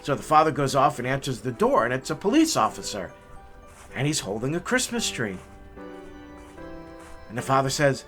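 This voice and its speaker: A man's voice: medium pitch, normal speed, long pauses, soft background music. A man telling a heartwarming story in a casual, folksy way as the host of a hiking video. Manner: folksy, repeats words, animated telling.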